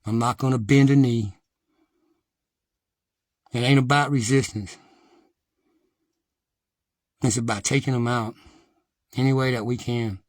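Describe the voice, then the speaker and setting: A man's voice: mid-range voice, steady tone, measured pace, long pauses, no room sound. Middle-aged man, livestream host, defiant and foul-mouthed, mid-range voice, dry close sound. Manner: blunt, profane, defiant; rises to agitated, loud ranting. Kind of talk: impassioned monologue to viewers.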